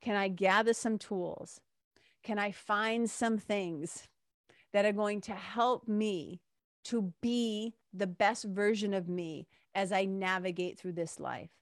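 A woman's voice: medium pitch, steady tone, slow, no room sound, studio quality. A middle-aged woman, a spiritual mentor, talking in a casual, candid way with swearing and laughs. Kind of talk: casual monologue.

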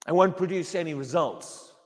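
A man preaching a sermon in a church, emphatic and given to repeating his words. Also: normal speed. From England. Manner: emphatic, repeats words, mocks a wailing believer in a high voice. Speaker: pastor. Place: church hall. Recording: long hall reverb.

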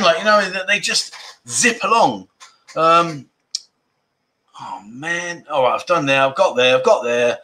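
A chatty man hosts a casual livestream and answers viewers as he goes. His voice sits a little high and sounds bright and forward. He laughs easily and grumbles now and then. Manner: chatty, laughs often, mild grumbling asides. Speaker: livestream host reading viewer comments. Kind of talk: casual chat.

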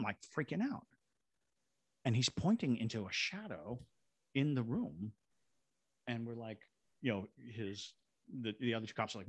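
A man's voice: mid-range voice, normal speed, slightly rough, dry recording. A man from Savannah, Georgia, animatedly telling a story as a podcast guest and acting out other people's voices. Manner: animated, acts out quoted voices. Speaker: guest, paranormal investigator.

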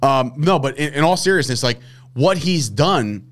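A man's voice: medium pitch, moderate pace. Casual swearing man on a sports podcast. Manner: animated, swears, repeats words when restarting. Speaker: podcast co-host.

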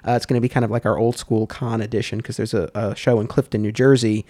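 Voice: mid-range voice, flat delivery, fast talker, dark tone, dry recording. A podcast host chatting casually and thinking aloud.

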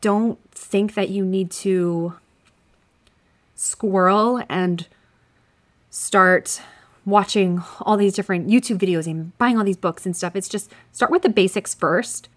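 A woman hosting an advice podcast, coaching listeners in a direct, upbeat way while her voice is scratchy and shaky from a cough. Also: medium pitch. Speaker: podcast host.

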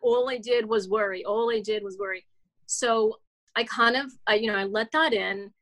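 A woman's voice: on the high side, moderate pace, a bit bright. Chatty woman in her thirties, rambling. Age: 30s. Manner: rambling, many restarts and fillers, heartfelt. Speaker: guest author. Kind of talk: casual interview storytelling.

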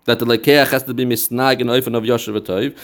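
A man's voice: mid-range voice, steady tone, fast. A man teaching a Talmudic text, explaining it step by step and quoting passages in a study chant. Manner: mixes English with Yiddish and Hebrew terms. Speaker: Torah teacher.

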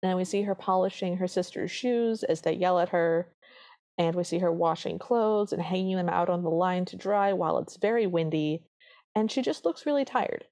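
A woman with a fairly low voice chats on a podcast, walking through scenes of a film. She is easygoing and talkative. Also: moderate pace, a little mellow. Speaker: podcast co-host. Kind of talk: casual chat recapping a film.

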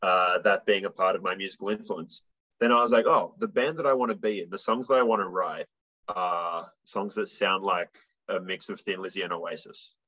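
A young man chats loosely in an interview, his speech full of likes and ums. His voice sits a little low, and the recording sounds dull and lo-fi. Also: moderate pace, sharp tone. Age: young adult. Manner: rambling, filler-heavy storytelling. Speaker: musician guest. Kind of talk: casual interview chat.

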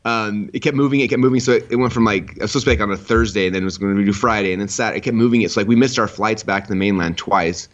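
A man in his thirties, a podcast guest who tells stories with excitement, acting out quotes in a high voice. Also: racing, hardly any pauses, dull audio. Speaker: podcast guest, online entrepreneur. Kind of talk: casual storytelling interview.

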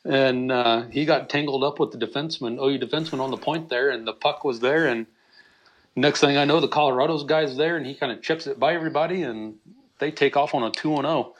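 A man co-hosting a podcast in relaxed, easygoing chat. He tells stories at an ordinary pitch, with a livelier push whenever he retells a shout. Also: a little fast. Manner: storytelling, animated when retelling yelling. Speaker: podcast co-host. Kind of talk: casual chat.

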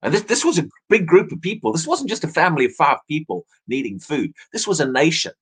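Husky, lively-voiced male preacher. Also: on the high side, fast talker. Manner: earnest, repeats words as he restarts his phrases. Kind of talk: evening sermon.

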